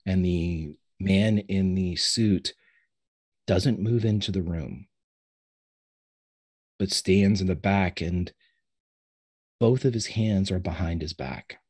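Man as game master of a tabletop game, very low and husky, lingers on the big moments. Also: darkish tone. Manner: slows down for dramatic reveals. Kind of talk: narrating a tabletop role-playing game.

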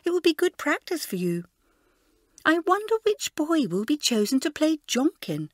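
A woman reading an audiobook, voicing an excited schoolgirl who gabbles eagerly. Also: high voice, moderate pace, dry recording, studio quality, pitched above the performer's own voice. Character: gushing excited schoolgirl chatterbox. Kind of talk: audiobook character voice.

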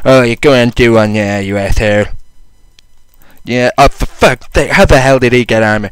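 A young man casually commenting on his own gameplay, mocking himself, swearing a lot and breaking into sudden loud outbursts. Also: mid-range voice, normal speed, slight background noise. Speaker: gaming channel host.

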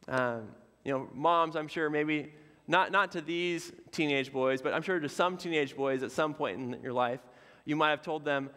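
A man delivers a sermon from the pulpit in a loose, conversational style, dropping in fillers and friendly asides. His voice sits a little on the high side for a man. The sound rings with the long reverb of a church sanctuary. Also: normal speed, a bit bright. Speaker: pastor.

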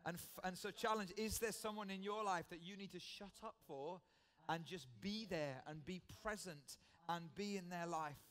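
A man's voice: high-pitched, normal speed, a bit bright. A British man preaching a sermon in church, earnest and conversational, often repeating his key phrases.

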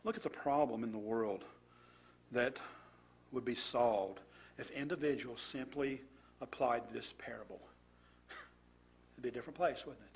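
A man's voice: medium pitch, unhurried, creaky, pauses often, a little hiss or hum. A man preaching a sermon, reading scripture aloud and commenting with rhetorical questions to his congregation.

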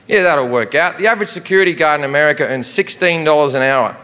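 A middle-aged man performing profane stand-up comedy, swinging from shouting to muttered asides. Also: fairly high pitch, fast talker, hardly any pauses. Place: large theater with a live audience. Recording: live concert recording in a reverberant hall, audience laughter. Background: crowd laughter and room noise.

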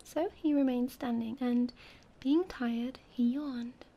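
A woman reading a children's book aloud as a soothing, soft-spoken whispered role-play for sleep. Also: on the high side, steady tone, slow pace, muffled recording. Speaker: storyteller.

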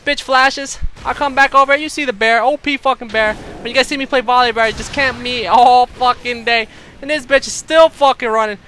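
A man's voice: very high voice, fairly even intonation, fairly quick, bright, forceful tone, a little hiss or hum. A man streaming, giving swaggering, profanity-heavy trash-talk commentary over his own gameplay. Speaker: game streamer.

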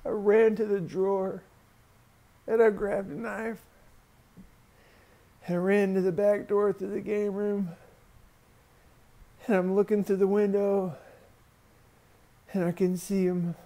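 A man recounting a painful personal memory in a slow, halting, hushed way, as raw spoken testimony. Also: sits high, steady tone. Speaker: survivor sharing a personal story.

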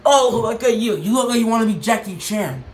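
A man's voice: sits high, animated, a little fast. A man putting on a brash dragon king boxer. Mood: mocking. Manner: taunting, mocking trash talk.

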